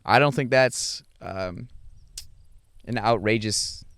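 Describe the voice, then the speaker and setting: Young guy rambling on his podcast, lots of ums and restarts, smooth voice, dry close sound. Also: fairly low pitch, fairly bright tone, no room sound. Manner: rambling, halting, with many fillers and restarts. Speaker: podcast host. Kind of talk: casual reflective monologue.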